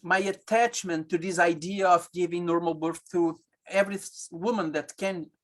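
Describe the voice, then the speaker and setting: A man, an obstetrician telling stories in a webinar conversation, halting and searching for English words with many restarts. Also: high voice, fairly even intonation, fairly bright tone.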